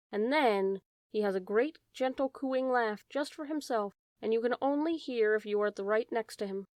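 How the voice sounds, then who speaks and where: A woman reads a classic storybook aloud in a calm, measured way. Her voice sits in a middle register and is recorded dry and close, with no room sound. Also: medium pitch, dry recording. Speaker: audiobook narrator. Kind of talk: storybook reading.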